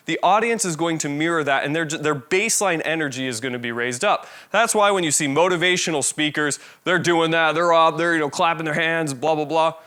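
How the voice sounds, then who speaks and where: A man with a voice on the high side gives a casual, animated lecture on body language and presenting. He talks conversationally and demonstrates different energy levels.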